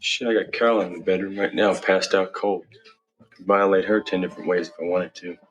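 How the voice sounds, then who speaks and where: Male actor as a crude bragging young guy, very deep, dull old film audio. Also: little pitch movement, a little fast, lightly acted. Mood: boastful. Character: crude boastful young man at a party.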